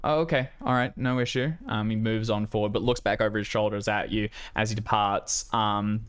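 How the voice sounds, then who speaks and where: A man's voice: fairly low pitch, steady tone, brisk, clear, resonant tone. A man running a tabletop game as game master, narrating casually with many fillers.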